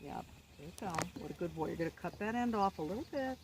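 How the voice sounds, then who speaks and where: A woman riding instructor, calm and encouraging as she coaches a rider through an outdoor lesson. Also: lowish voice, quick pace, noisy background.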